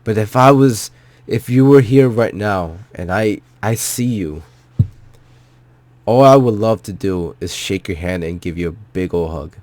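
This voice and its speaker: A man's voice: on the low side, unhurried, a little mellow, dry recording. Choked-up man gushing emotionally. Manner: heartfelt, repetitive, swearing. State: choked up, near tears. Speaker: vlogger. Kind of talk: emotional personal movie reaction.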